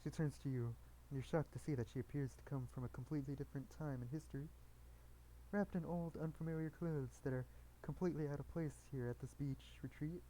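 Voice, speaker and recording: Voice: mid-range voice, fairly even intonation, brisk, dark tone, a little hiss or hum, low-quality recording. A streamer reading a dating game aloud, full of joking asides and giggles. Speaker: gameplay streamer.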